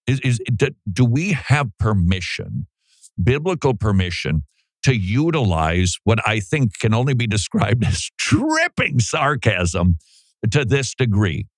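A man hosting a talk show, speaking in a lively, animated way and slipping into voices when he quotes. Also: mid-range voice, measured pace, dry recording, clean studio sound. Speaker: podcast host. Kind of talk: casual commentary.

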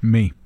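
A man's voice: sits high, pushed and bright. A man co-hosting a Christian talk show, making dry, wry remarks. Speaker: co-host.

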